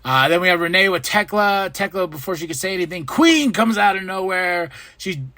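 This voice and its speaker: A man's voice: sits high, lively intonation, a little fast, pushed and bright, dry recording. A man hosting a podcast, casually recapping wrestling shows, laughing often and acting out quotes. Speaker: podcast host.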